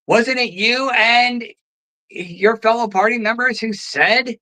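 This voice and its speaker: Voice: medium pitch, takes it slowly, sharp tone, poor audio. A host ranting about politics, heated and profane, firing off sarcastic rhetorical questions.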